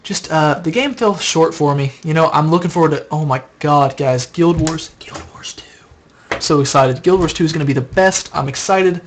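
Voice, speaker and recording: Young male streamer, somewhat high voice, sleepy and rambling, casual chat to viewers at a desk mic. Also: normal speed, hardly any pauses, a little hiss or hum. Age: young adult. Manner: rambling, casual, answers viewer questions aloud. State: tired. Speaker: live streamer answering chat. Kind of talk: late-night live stream chat.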